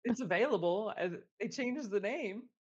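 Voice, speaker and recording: A woman's voice: mid-range voice, animated, normal speed, husky. A woman co-hosting a live podcast, chatting casually, giggling and asking her co-host questions. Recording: slightly dull, muffled audio.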